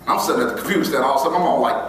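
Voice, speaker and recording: A man giving a motivational keynote, telling a personal story in a lively, conversational way with bursts of laughter. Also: medium pitch, a little hiss or hum. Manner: animated, breaks into laughter, imitates friends with quieter voice. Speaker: motivational speaker. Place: large hall before an audience. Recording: echoey hall, voice from far off.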